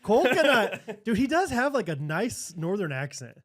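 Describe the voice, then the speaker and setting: Midwestern podcast co-host, high voice, rambling and laugh-prone. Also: male voice, very animated, normal speed. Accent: American Midwest. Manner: laughs often, rambling with many fillers. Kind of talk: casual chat.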